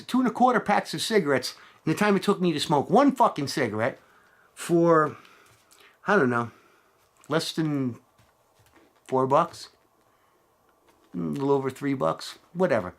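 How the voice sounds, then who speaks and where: Middle-aged guy ranting at his camera, swears a ton, voice bounces all over, a bit high. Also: a little slow, long pauses. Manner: profane, animated, rants with mocking put-on voices. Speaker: vlogger. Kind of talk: rambling casual rant to camera.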